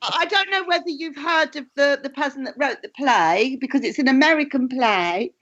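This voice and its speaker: A woman's voice: high voice, expressive, normal speed, fairly bright tone. A woman from England who reads tarot and acts, chatting casually as a co-host and rambling with restarts and asides. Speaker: tarot reader and actress, co-host. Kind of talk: casual chat. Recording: dull, muffled lo-fi sound.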